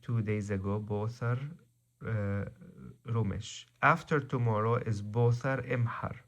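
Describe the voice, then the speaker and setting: A man teaching a vocabulary lesson, slow and methodical, repeating each word. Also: fairly low pitch, fairly even intonation. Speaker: language teacher.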